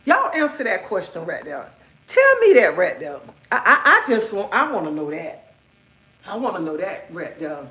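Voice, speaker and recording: A woman's voice: mid-range voice, very animated, moderate pace, fairly bright tone. A middle-aged woman hosting a livestream, ranting in a blunt, outspoken way and swearing freely. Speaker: livestream host. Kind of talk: casual livestream rant. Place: indoors at home. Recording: echoey room.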